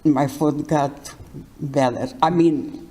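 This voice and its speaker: An older woman giving her life testimony in an interview, speaking haltingly and often restarting words. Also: deep voice, fairly even intonation, mellow. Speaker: Holocaust survivor interviewee.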